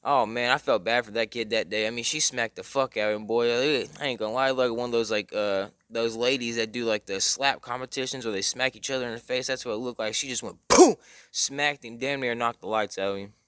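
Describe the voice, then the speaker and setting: A man's voice: mid-range voice, fairly even intonation, a little fast, hardly any pauses, bright, forceful tone, clean tone, dry recording, clean studio sound. Rambling, cursing young man telling a story. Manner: rambling, slangy, heavy cursing, lots of fillers. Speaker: storytime vlogger. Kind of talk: casual storytelling.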